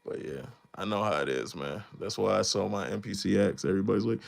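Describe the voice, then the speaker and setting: A man's voice: on the low side, quick pace, gravelly. A man in his thirties chatting casually on a live stream about making beats, rambling in a laid-back, slangy way and laughing often. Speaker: beatmaker streamer.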